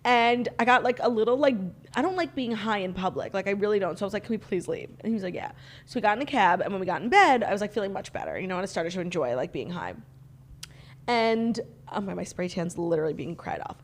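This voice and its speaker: A woman's voice: medium pitch, animated, quick pace. A young woman co-hosting a podcast, telling a story in casual chat with giggles. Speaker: podcast co-host.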